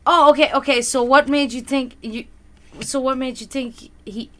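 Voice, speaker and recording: Bright-voiced woman doing stream readings. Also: sits high, steady tone, moderate pace. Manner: easily flustered, breaks into loud laughter; reads tarot cards for viewers. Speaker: psychic reader on a live stream. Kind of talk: casual live-stream chat, reading viewer questions.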